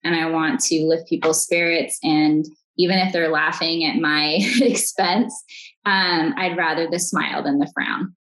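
A woman in her thirties, a podcast guest, talking earnestly and warmly upbeat in a conversational interview, often restarting her sentences. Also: sits low, fairly even intonation, measured pace, poor audio.

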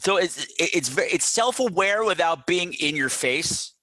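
A man's voice: a little high, expressive, unhurried, pushed and bright, a little hiss or hum. A man co-hosting a podcast, talking enthusiastically about a movie and laughing often. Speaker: podcast co-host. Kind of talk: casual movie discussion.

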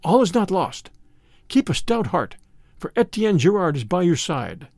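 A man's voice: high-pitched, sing-song, measured pace, gravelly, darkish tone, no room sound, studio quality, full character voice. A man voicing a gallant young hero in his own voice, speaking in an earnest, proud way.

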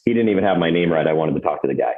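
A man's voice: low-pitched, racing, a crowd in the background. A man in his forties, an agency owner, telling a story on a headset from his home office. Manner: animated storyteller, self-described monotone phone voice. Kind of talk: casual storytelling. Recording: tinny phone-like headset audio, echoey.

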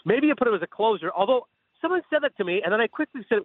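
Fast-talking man on a tinny phone line. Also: sits high, no room sound. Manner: animated, acts out imagined dialogue. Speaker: phone-in sports analyst guest. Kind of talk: sports radio talk.

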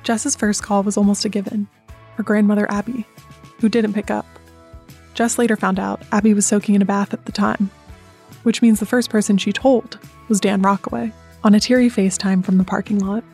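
A woman narrating a scripted sports documentary with an even, measured delivery. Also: mid-range voice, slightly rough, faint music behind. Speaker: narrator and interviewer.

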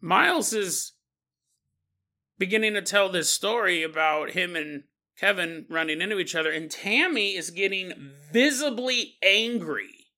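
High, bright-voiced male storyteller. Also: a little slow. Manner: conversational, many fillers. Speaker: podcast host. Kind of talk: casual storytelling.

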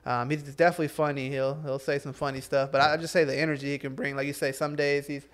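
Quick, flat-voiced man. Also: fairly high pitch. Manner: quick, even, many fillers. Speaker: podcast guest, esports player. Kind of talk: casual chat.

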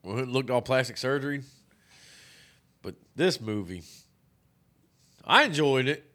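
A man's voice: medium pitch, expressive, unhurried, bright, forceful tone. A man co-hosting a podcast, chatting casually and profanely while reviewing a movie. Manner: profane, rambling, joking. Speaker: podcast co-host.

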